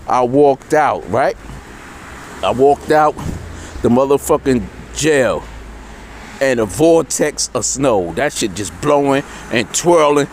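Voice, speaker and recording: A middle-aged man telling a rough jail story in casual street talk, swearing constantly and acting out the people he quotes. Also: mid-range voice, slow pace, slight background noise. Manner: animated, swears constantly, voices characters in quotes.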